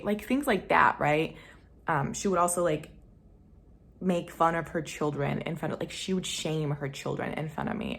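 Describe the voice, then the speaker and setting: A young woman vlogger telling a personal story to camera, candid and slangy, swinging between loud emphasis and hushed asides. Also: sits low, steady tone, moderate pace, vocal fry. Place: home room.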